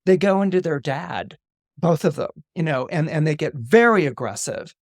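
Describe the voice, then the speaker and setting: A man's voice: a little high, animated, normal speed, no echo, clean studio sound. A man, an astrologer guest on a podcast, retelling a story with animation, often repeating words and acting out the dialogue.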